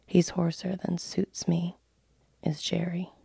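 A gruff, suspicious coach guard , whispered by a woman, growls his warnings in rustic dialect. The whispered role-play comes out gravelly and breathy, with little lift in the pitch. It sits dry and close to the mic. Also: completely flat delivery, slow, dark tone, dry recording, heavily acted.

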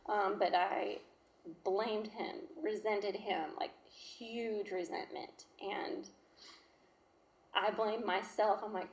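A woman in her thirties, a mother telling her personal story in an emotional, halting, heartfelt way. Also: mid-range voice, steady tone, gravelly. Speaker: mother sharing her testimony. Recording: roomy echo.

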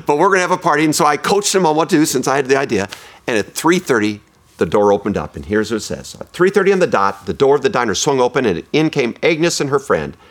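A man pastor telling a story in a sermon, dropping low and slow for emphasis. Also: big pitch swings.

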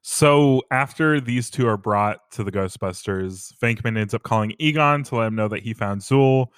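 A young man chats casually about a film, joking and playful. His voice sits a little low, recorded close and dry. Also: normal speed, fairly bright tone, smooth, no room sound. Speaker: podcast co-host.

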